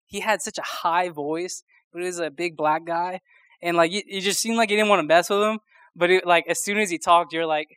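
A man's voice: high-pitched, fairly even intonation, normal speed, a bit bright, smooth, no room sound. A young man preaching a sermon in a casual, rambling storytelling way, with lots of fillers and restarts.

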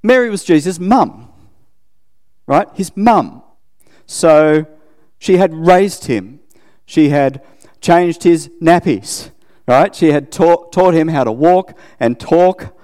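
A man's voice: a little high, expressive, takes it slowly, long pauses, a little mellow, in a large hall. A middle-aged Australian man preaching a casual, conversational sermon, often checking in with his listeners and poking fun at himself. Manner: chatty, self-deprecating, asks listeners questions.

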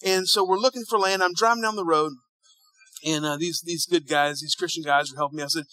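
A man preaching a sermon, telling a story and acting out the dialogue, dropping quiet and then rising loud. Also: fairly high pitch, steady tone, fairly quick, no echo, poor audio. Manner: storytelling, acts out dialogue, swings between hushed and loud. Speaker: pastor.

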